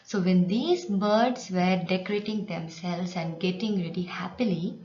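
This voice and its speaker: A woman's voice: mid-range voice, normal speed, hardly any pauses, darkish tone. A woman teacher reading a story aloud and patiently explaining words to students with examples. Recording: echoey room, dull sound, faint hiss.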